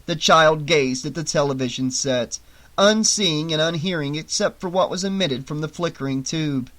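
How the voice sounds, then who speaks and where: A man's voice: a little high, moderate pace, fairly bright tone. Man reading a horror audiobook. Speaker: audiobook narrator. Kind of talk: audiobook narration.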